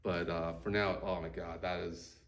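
A man's voice: low-pitched, little pitch movement, normal speed. A man co-hosting a casual chat, rambling loosely with lots of fillers. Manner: rambling, loose, many "like" and "you know" fillers. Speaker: podcast co-host. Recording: roomy echo, distant from mic, faint background hum.

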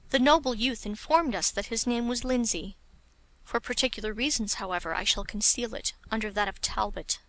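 A woman narrating a classic story as an audiobook, in a measured, clear reading. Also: fairly high pitch, fairly bright tone, no echo.

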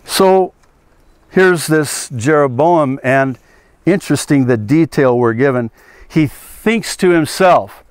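A man, preaching as a pastor, animated, acting out biblical voices and laughing at his own jokes. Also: a little high, takes it slowly, clear, resonant tone. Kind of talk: outdoor teaching sermon. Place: outdoors at an archaeological site.

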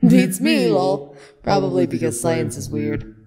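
A woman voicing a cryptic hooded river ferry monster who talks in slow riddles and sing-song nonsense. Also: sits low, big pitch swings, very noisy. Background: music.

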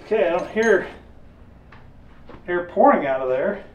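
A man with a voice a little above average pitch talks through a repair job in a relaxed, practical way. His remarks come with dry humor, and a faint noise sits under the recording. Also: measured pace, highs cut off. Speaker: mechanic vlogger. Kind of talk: casual shop talk to camera. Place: garage and outdoor yard.

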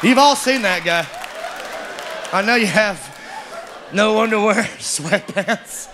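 A man doing a stand-up comedy set, drawling and animated. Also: high-pitched, slow pace, crowd noise. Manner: drawling storyteller, animated and loud, mimics characters. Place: comedy club stage with live audience. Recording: live club recording, audience noise.

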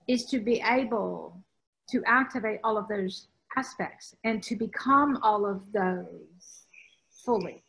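A medium-pitched, creaky voice with a fairly bright tone comes through a rough recording. The speaker, a spiritual teacher from the US South, discusses spiritual topics in conversation with emphasis, wandering as she goes and restarting her sentences a lot.

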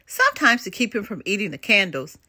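A woman's voice: medium pitch, wildly swooping pitch, fairly quick, sharp tone, husky, dry recording, studio quality, exaggerated voice. A woman voicing Violet Pilot, a practical young girl flyer hero, in a storybook, speaking in a matter-of-fact way. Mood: thoughtful.

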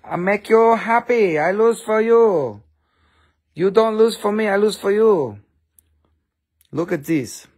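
A man's voice: high-pitched, lively intonation, takes it slowly, long pauses, darkish tone, full character voice. A man putting on a pushy gem seller who haggles in clipped broken English during a live-stream sale. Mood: hard-selling. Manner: hard-sell patter in clipped broken English. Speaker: host of a live crystal sale. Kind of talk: live-stream sales comedy.

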